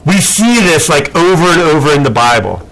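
A man teaching a Bible class in a casual, animated way, asking many rhetorical questions and using lots of fillers. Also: on the high side, fairly quick, rough recording.

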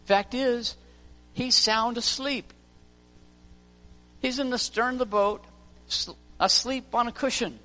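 A man's voice: very high-pitched, steady tone, takes it slowly, pauses often, bright, forceful tone. A man preaching a sermon in a church, telling stories and acting out the voices of the people in them. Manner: storytelling preacher, acts out voices. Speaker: pastor. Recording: long reverb of a church hall, faint music.

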